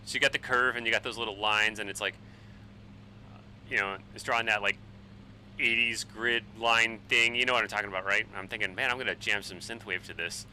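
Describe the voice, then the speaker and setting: A man in his forties, a bit tipsy on wine, rambling and swearing excitably while chatting on a flight sim live stream. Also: fairly low pitch, a little fast, a little hiss or hum, low-quality recording. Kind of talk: casual live-stream chat while flying.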